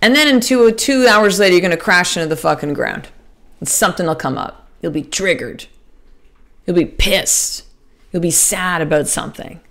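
A podcast host with a lowish, somewhat bright, expressive voice speaks at a moderate pace in a casual monologue. She encourages listeners earnestly, calling them "sister," while cursing freely and restarting sentences.

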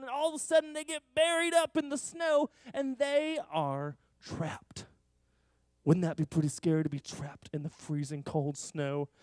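High, lively man teaching children. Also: smooth, no echo, clean studio sound. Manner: animated, exaggerated storytelling to kids. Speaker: children's church leader. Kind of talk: children's sermon.

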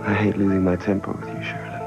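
A jealous, controlling husband in a daytime soap. His voice is very deep and gravelly, and it sits over a swell of dramatic music. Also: monotone, rapid-fire, lo-fi sound. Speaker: actor in a soap opera. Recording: soap opera with music underneath.

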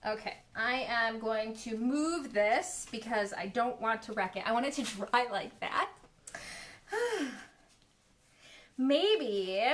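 A woman hosting a live paint pouring demo from her home studio, chatting with viewers in a giggly, easily excited way. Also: on the high side, slight background noise. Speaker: art studio host. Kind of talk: live craft demo chat. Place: home studio, dogs in the house. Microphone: live stream from a phone or camera.

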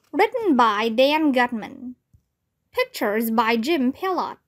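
A woman reading a children's chapter book aloud, slow and deliberate. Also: high voice, fairly bright tone. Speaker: read-aloud narrator.

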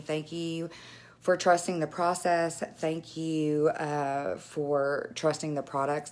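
A young woman chatting live on camera at home, excited and emotional as she gushes about beauty products. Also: deep voice. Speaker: direct sales vlogger. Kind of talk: casual live video chat. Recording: echoey room with faint noise.

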